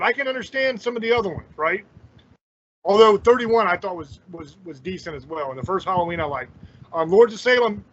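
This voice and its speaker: Blunt, profane high-voiced man. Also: fairly bright tone. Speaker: podcast host. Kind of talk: casual chat. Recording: dull lo-fi audio.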